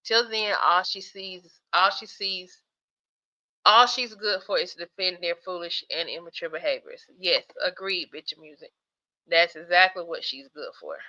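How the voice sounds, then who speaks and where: Bright-voiced sleepy woman hosting a stream. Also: on the low side, normal speed, highs cut off. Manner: chatty, laughs often, talks straight to viewers. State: sleepy, yawning. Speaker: livestream host. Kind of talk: casual livestream chat reading viewer comments.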